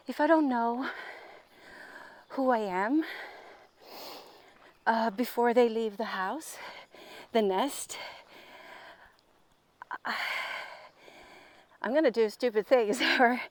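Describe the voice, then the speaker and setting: Brief: woman, slightly high voice, unhurried, candid and bubbly, filmed on a camera while walking outside. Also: darkish tone. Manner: bubbly, candid, laughs often. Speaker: vlogger on a walk. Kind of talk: casual personal storytelling. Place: outdoors, walking.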